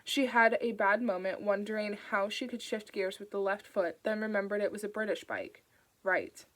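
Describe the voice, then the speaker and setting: A woman's voice: medium pitch, fairly even intonation, moderate pace, fairly bright tone, low-quality recording. Woman narrating an audiobook.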